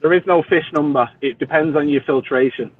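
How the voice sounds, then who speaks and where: A man's voice: fairly high pitch, fairly quick. A man in casual chat from a car, rambling along with lots of fillers and restarts. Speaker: reef-keeping chat participant. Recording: tinny phone-line sound.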